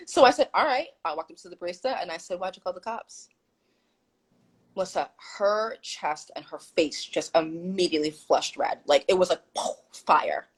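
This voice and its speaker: A woman's voice: lowish voice, husky, low-quality recording. A woman guest on a live stream telling a story animatedly and emphatically, quoting what people said. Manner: animated, emphatic retelling with quoted dialogue. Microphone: phone or video call.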